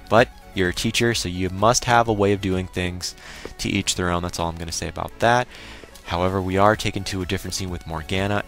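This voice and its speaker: A young man with a low, deep voice recaps an anime episode in a loose, swearing, chatty way. He acts out his own reactions along the way, over faint music. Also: a bit bright. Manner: crude, exclaiming, mock-quoting himself. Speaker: anime reviewer.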